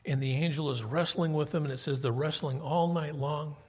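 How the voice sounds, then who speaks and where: A man's voice: on the high side, fairly even intonation, brisk, darkish tone, slightly rough, long reverb tail. A man preaching a sermon, retelling scripture in a conversational storytelling way and putting questions to the congregation.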